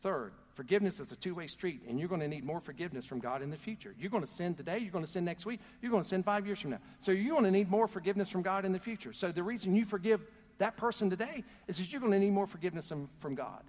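Man, pastor, sermon, slightly high voice, calls for congregation responses, long church reverb. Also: quick pace, a little mellow.

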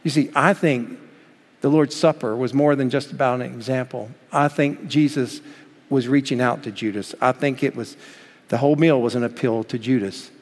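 A man preaching a sermon as pastor, swinging between loud emphatic lines and hushed, slow passages, and acting out quoted voices. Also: medium pitch, fairly even intonation, long reverb tail. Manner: acts out quoted voices in the story.

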